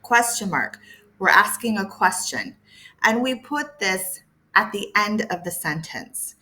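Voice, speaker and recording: Bright, lively woman teaching English. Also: mid-range voice, unhurried. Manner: lively, playful emphasis with sound words; patient, repeats key points. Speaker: English teacher for ESL learners. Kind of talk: explaining lesson to camera.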